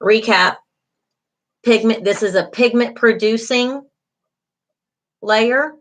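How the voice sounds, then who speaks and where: A woman's voice: on the high side, takes it slowly, a bit bright. A middle-aged woman, a beauty school instructor giving an online class lecture, encouraging, with many fillers, repeating key terms.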